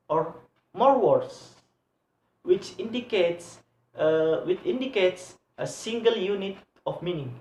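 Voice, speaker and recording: A student presenter talks through word stress rules at a very unhurried pace, stopping often on filler sounds. Each example word is said over and over. The room adds a noticeable echo to the voice. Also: medium pitch. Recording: echoey room.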